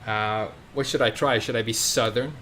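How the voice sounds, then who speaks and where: A man's voice: mid-range voice, steady tone, normal speed, pushed and bright, a little hiss or hum. A man in his thirties from Sweden, chatting casually in a rambling way while commenting on his own gameplay. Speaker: game streamer.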